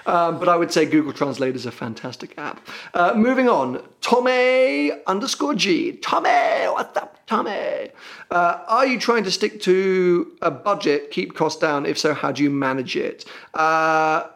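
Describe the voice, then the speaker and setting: A young British man with a British accent and a slightly higher voice that is full of fry and gravel. He hosts a podcast in a loose, self-deprecating way and wanders a bit with lots of ums and uhs. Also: moderate pace, fairly bright tone. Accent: British English. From Britain. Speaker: podcast host. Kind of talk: casual podcast chat.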